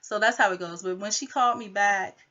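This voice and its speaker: A woman's voice: mid-range voice, a little fast, sharp tone, dull audio. A woman rambling through a personal conflict story, full of filler phrases.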